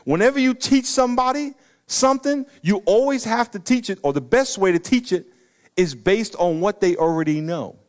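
A middle-aged man, preaching an animated sermon that breaks into loud emphatic bursts. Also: high-pitched, normal speed. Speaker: pastor.

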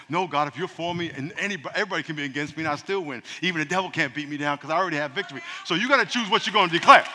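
A man's voice: fairly high pitch, very fast, hardly any pauses, sharp tone, big-room sound. A man preaching a sermon as pastor, calling on the congregation to repeat after him, with playful asides. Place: church.

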